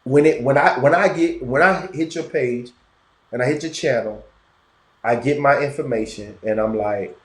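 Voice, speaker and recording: A man's voice: medium pitch, moderate pace, echoey room. A man with a Southern Florida twang talking emphatically in a casual conversation, repeating himself for effect. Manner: animated, emphatic, repetitive. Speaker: podcast guest.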